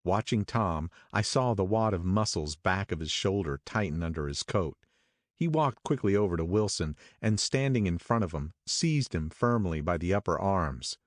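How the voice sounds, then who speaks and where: A man narrating an audiobook in a measured, steady first-person reading. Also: low voice, no echo, studio quality.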